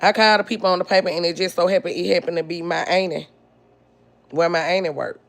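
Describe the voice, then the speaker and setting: A woman's voice: lowish voice, steady tone, vocal fry. A woman hosting a podcast, telling a personal family story in a blunt, indignant way. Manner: blunt, indignant, drawn-out delivery. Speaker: podcast host.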